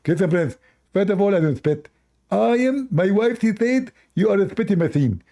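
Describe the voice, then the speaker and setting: A man voicing a boastful character who brags in a high, indignant voice and insists he doesn't spit. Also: lively intonation, normal speed, gravelly, dark tone.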